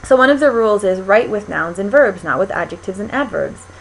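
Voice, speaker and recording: A woman's voice: medium pitch, lively intonation, fairly quick, creaky, slight background noise, low-quality recording. An American woman giving a lecture, explaining things step by step with frequent ums and small restarts. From United States. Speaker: linguistics lecturer.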